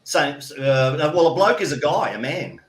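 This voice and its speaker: A man's voice: fairly high pitch, sing-song, a little slow. A man in his fifties with an Australian accent, chatting as a guest in a rambling way with many restarts. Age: 50s. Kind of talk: casual chat. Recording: echoey room.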